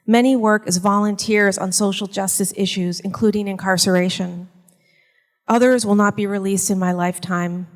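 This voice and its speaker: A woman teacher reading a prepared personal essay in a measured, earnest way. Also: mid-range voice, fairly even intonation, long reverb tail. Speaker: university teacher in prison education. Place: performance venue.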